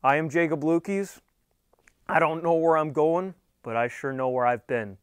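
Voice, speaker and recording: A young man tells a comic story straight to camera in a rambling, wry, conversational way. His voice sits a little high for a man. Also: moderate pace, clear, resonant tone. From Thunder Bay, Canada. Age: young adult. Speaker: segment presenter.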